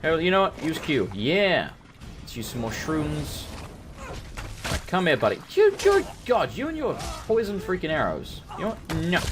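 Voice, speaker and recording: A man casually commentating a game he plays, excitable, swearing often and talking back to the characters. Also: a little high, normal speed, background noise. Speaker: let's play host.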